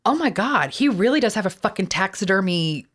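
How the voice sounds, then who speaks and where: A woman's voice: mid-range voice, lively intonation, a little fast, a bit bright. A woman from Texas with a Texan accent, talking casually as a podcast host, chatty and full of fillers with casual swearing. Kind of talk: casual chat.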